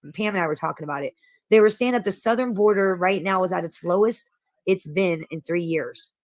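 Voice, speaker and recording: A woman's voice: fairly low pitch, fairly quick, no echo. A middle-aged woman from Iowa hosting a casual livestream chat. She talks hesitantly, often repeating words as she goes. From Iowa, USA. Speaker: livestream host.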